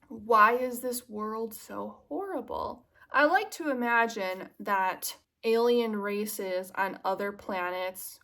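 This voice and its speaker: A woman's voice: mid-range voice, a bit bright. Chatty young woman confiding to camera. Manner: chatty and confiding, drifting from self-mocking jokes to earnest musing. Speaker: vlogger. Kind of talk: casual chat to camera.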